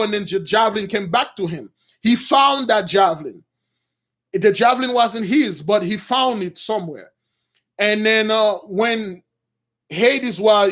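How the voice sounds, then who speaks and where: A man with a high voice preaches informally to a gathering he calls brothers. He retells stories loosely, with plenty of fillers and restarts along the way. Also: a bit bright. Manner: addresses listeners as brothers, many fillers and restarts. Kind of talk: informal sermon retelling a story.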